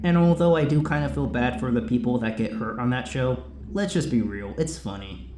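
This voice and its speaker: A man's voice: medium pitch, moderate pace, noisy background. A man casually chatting as a host answering viewer questions, rambling with lots of asides. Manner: lively, rambling, many asides. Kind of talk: casual chat. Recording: roomy echo.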